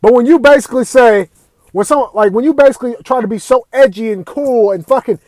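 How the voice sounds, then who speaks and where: A man with a high-pitched voice tears into his audience in a furious rant, swearing with nearly every sentence. His voice is dry and close, with no room sound around it. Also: fast, darkish tone, no room sound. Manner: heated, swearing constantly, raising voice at times. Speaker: video ranter. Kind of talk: angry profane rant.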